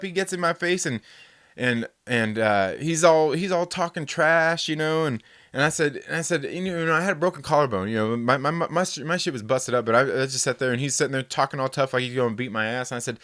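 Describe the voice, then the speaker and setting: A host tells a story in a relaxed chat, his middling-pitched voice sharp in tone. He swears freely, rambles and restarts, briefly imitating the voices of those he quotes. The sound is dry and clean, like a studio.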